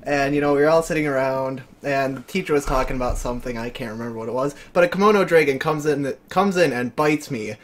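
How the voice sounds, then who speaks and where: A man's voice: medium pitch, fast, hardly any pauses. A man on a casual podcast chat, laid-back and filler-heavy as he recounts an odd dream. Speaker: podcast co-host.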